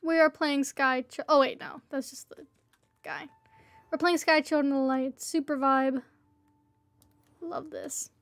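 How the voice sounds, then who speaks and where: A high-pitched woman streams a game and chats away to her viewers in an easygoing, unhurried way. She playfully begs other players for help, and her voice sounds close and dry. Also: fairly even intonation, no echo. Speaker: livestreamer. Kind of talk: casual gameplay livestream chat.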